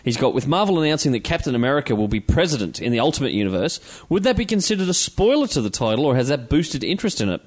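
A man's voice: mid-range voice, sing-song, fast talker, few pauses. An Australian man who hosts the show and runs a comic shop, talking in a casual, joking way. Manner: chatty, joking, laughs often. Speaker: podcast host and comic retailer. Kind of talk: casual chat.

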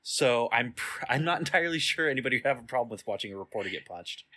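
A man's voice: mid-range voice, animated, fast, bright, forceful tone. A man in casual gaming chat, teasing his friends with sardonic, profane remarks.

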